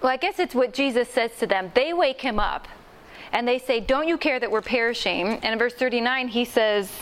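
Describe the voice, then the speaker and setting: Her voice slightly high and expressive, a woman leads a group through Bible study training in a meeting room at a moderate pace. The workshop teaching is conversational, and she performs the quoted lines as she goes.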